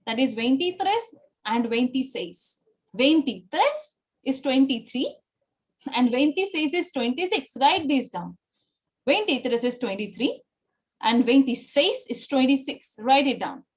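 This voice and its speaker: A woman's voice: high-pitched, expressive, unhurried. A woman teaching a Spanish language class online, explaining patiently and checking in with "okay?" and "right?" after nearly every sentence. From India.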